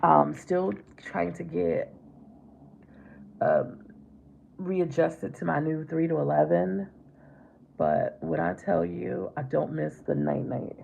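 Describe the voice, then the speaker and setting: A middle-aged woman chats through a makeup livestream, greeting viewers by name and calling them babe. Her voice is low, dark and heavily gravelly. The sound is slightly dull and lo-fi, with a faint hiss behind it. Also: fairly even intonation, slow pace, pauses often. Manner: chatty, affectionate, calls viewers babe and baby. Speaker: livestream host. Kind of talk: casual makeup livestream chat.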